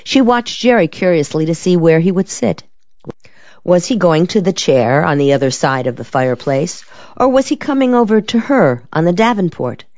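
A woman narrating a novel in a measured, steady storytelling manner. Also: lowish voice, no room sound. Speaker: audiobook narrator. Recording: dull, lo-fi dry recording.

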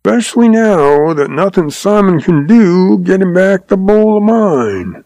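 A man voicing a shrewd old cowboy who talks in a slow, patient, folksy drawl. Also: sits high, very animated, warm tone, dry recording, pitched above the performer's own voice, heavily acted. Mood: patient, sly. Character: shrewd old cowboy, calm, sly, chuckling.

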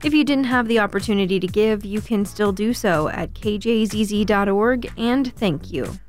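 A woman announcing station news, traffic and weather in an even, informative read. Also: medium pitch, moderate pace, faint music behind.

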